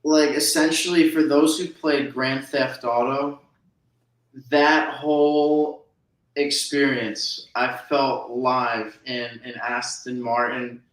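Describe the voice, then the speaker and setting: A man's voice: mid-range voice, little pitch movement, takes it slowly. A man from New Jersey chatting casually as a guest, rambling with many restarts. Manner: rambling, full of restarts and fillers. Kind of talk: casual chat. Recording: echoey room.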